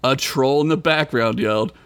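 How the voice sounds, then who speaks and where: A man's voice: mid-range voice, normal speed, fairly bright tone, smooth, no echo. A man reading a crude comic story aloud as podcast host, laughing often.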